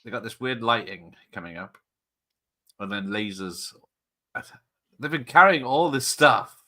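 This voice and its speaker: A man's voice: mid-range voice, animated, a little slow, bright, forceful tone. A man hosting a watch-party stream, chatting and joking through rambling tangents. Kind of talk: casual live-stream commentary.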